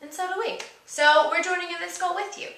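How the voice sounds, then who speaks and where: A young woman with a high, bright voice gives an upbeat, emphatic motivational talk and keeps coming back to key words. She is recorded indoors, and the room echoes around her. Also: steady tone, fairly quick, creaky. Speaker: co-host. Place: indoor room with a kitchen counter.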